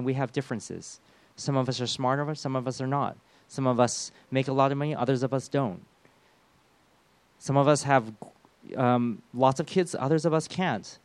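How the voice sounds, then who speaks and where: A man in his thirties preaching a sermon, lively and acting out the voices of the people and of God as he speaks. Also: medium pitch, dry recording. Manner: animated, acts out voices of God and the congregation. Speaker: pastor.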